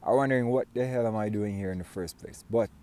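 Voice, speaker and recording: A man's voice: on the low side, fast, dark tone. A man from Syria telling a personal story to camera, rambling with fillers and restarts. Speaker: vlogger.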